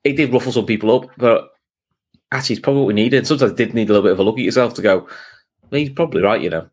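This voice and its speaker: A quick-talking man with a lowish voice. He tells football stories in a lively way and slips into quoted voices as he goes. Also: slightly rough. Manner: animated storytelling, acting out quotes. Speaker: podcast guest. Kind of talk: casual football chat.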